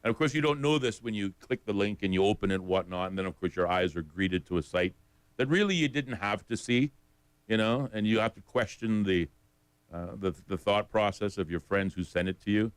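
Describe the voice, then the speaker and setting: A man co-hosting a radio show talks in a low voice with a smooth, resonant tone. His banter is easygoing and he reads out the studio time and number between remarks. The sound is dry and close-up. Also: brisk, no room sound. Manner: chatty, gives studio time and phone number. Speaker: radio co-host.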